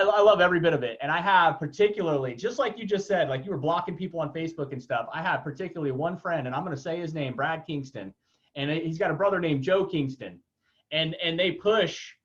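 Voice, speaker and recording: A man hosting a podcast, speaking casually and haltingly, with many restarts and an agreeable manner. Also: fairly high pitch, a bit bright. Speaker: podcast host. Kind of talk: casual interview talk. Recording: dull lo-fi sound.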